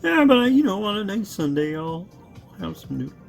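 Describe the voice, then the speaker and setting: A man putting on a high, nasal frog voice as his own shy twin brother, stammering and hesitant. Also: sing-song, fairly quick, gravelly, faint music behind, full character voice. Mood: bashful.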